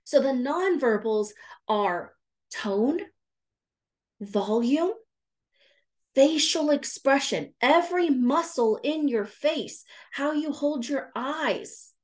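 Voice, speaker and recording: An earnest woman with a fairly high voice, talking live to her viewers. She repeats key words for emphasis and stops mid-thought to greet viewers. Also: animated, takes it slowly. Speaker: grief recovery specialist. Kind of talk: live-streamed talk to viewers.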